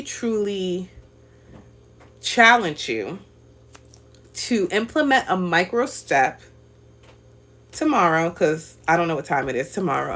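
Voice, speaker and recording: In her thirties, this livestream host has a medium-pitched, slightly bright voice. She chats casually and upbeat with her viewers, motivating them, reading their comments aloud and laughing often.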